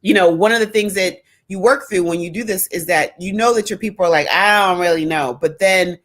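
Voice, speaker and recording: A middle-aged woman hosting a casual live-streamed interview, telling lively stories and acting out her father's lines. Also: fairly low pitch, fairly quick. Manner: animated storyteller, acts out her father's lines. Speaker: host.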